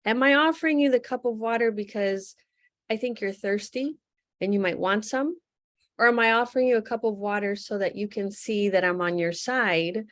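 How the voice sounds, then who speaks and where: A woman speaking as a panelist in a webcast conversation, thoughtful and measured, often posing questions. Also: mid-range voice, dry recording. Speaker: guest panelist.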